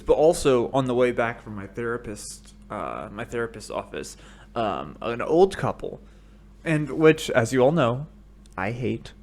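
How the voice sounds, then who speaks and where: An American man hosting a podcast, telling rambling comedic stories full of swearing that break into shouted rants, speaking into a studio microphone. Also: medium pitch, sing-song, slow, long pauses. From United States. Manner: profane, rambling storytelling that bursts into shouted rants. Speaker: podcast host. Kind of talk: solo comedic monologue.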